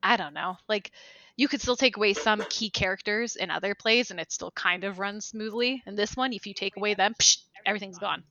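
Bright, giggly woman podcaster. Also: medium pitch, brisk, dry recording, highs cut off. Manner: giggly, animated, puts on silly voices for characters. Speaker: podcast co-host. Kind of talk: casual chat.

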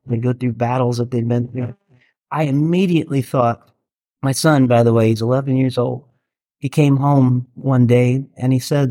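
An earnest middle-aged man speaks to a small group in a mellow, warm voice. He talks conversationally and keeps doubling back to restart his sentences. The sound is close and dry, with no room around it. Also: medium pitch, no room sound. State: getting teary. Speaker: worship leader and chaplain teaching a workshop. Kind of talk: talk to a live group.

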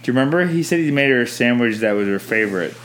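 A man hosting a casual family podcast at home, gently coaxing his kids with questions and often restarting his sentences. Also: mid-range voice, animated, rapid-fire. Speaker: podcast host interviewing his children. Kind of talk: casual family chat about a movie. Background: faint cleaning noise.

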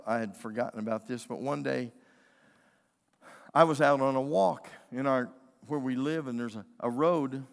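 Gravelly emphatic preacher man, echoing hall. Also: mid-range voice. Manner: emphatic preaching storyteller, acting out quoted voices. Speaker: pastor. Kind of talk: sermon. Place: church sanctuary. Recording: long reverb of a church hall.

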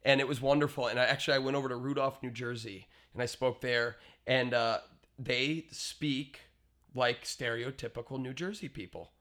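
A young man, a guest on a casual podcast, who tells animated stories and trails off mid-sentence. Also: mid-range voice, moderate pace. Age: young adult. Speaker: guest, speaker and educator.

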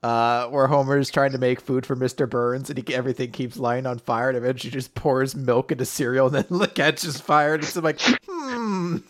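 A man's voice: medium pitch, normal speed, few pauses. A man co-hosting a casual podcast, chiming in with jokes and wry comebacks. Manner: joking asides and wry comebacks. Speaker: podcast co-host. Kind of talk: casual chat.

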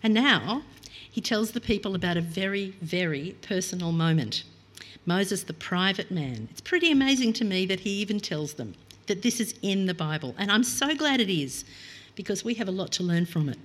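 A woman's voice: mid-range voice, husky. A middle-aged woman preaching a reflective, earnest sermon and reading scripture aloud.

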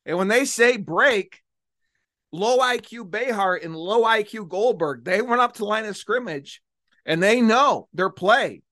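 A male political commentator with a voice pitched well above most men's. His monologue is combative and mocking. He drags out key words to hammer each point home. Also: lively intonation, normal speed, pushed and bright. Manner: combative, sarcastic, stretches words for emphasis. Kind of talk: opinionated monologue.

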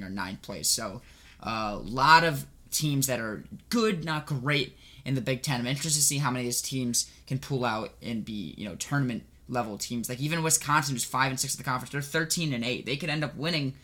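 Bright-voiced man in casual sports chat. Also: medium pitch. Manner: casual, heavy use of "like" and "you know". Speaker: sports podcast co-host.

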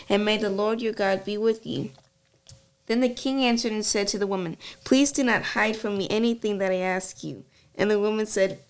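A woman in a Bible study group reading a scripture passage aloud steadily, correcting herself when she slips. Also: mid-range voice.

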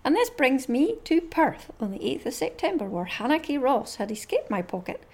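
Scottish woman, podcast host, bubbly, laughs a lot, higher voice. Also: big pitch swings, moderate pace, darkish tone. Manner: chatty and bubbly, laughs often. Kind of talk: casual chat podcast.

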